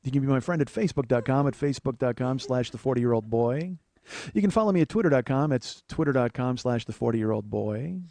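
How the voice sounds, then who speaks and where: A man's voice: medium pitch, expressive, fairly quick, gravelly, dark tone. A man in his forties hosting a comedy podcast, telling a rambling, profane story that bursts into rants. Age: 40s. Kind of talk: storytelling monologue.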